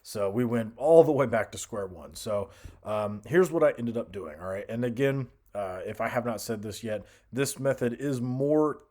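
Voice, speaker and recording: A young man casually talking through a music software tutorial, thinking aloud with fillers and restarts. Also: mid-range voice, normal speed. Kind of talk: screen-recorded software tutorial.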